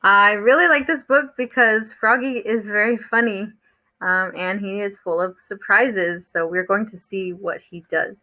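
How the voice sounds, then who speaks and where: A woman teacher who is reading a picture book aloud to her students, explaining things slowly and encouragingly. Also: medium pitch, steady tone, sharp tone, low-quality recording.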